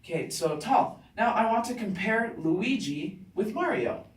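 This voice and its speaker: A male teacher giving a classroom grammar lesson, talking slowly and deliberately and checking in with students after nearly every point. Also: sits high, animated. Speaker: English teacher. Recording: roomy classroom sound from a distant mic.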